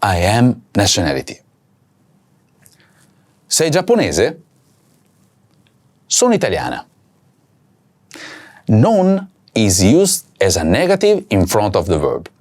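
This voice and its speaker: A man teaching a recorded language lesson, saying each word slowly and repeating it for learners to practise. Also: lowish voice, darkish tone.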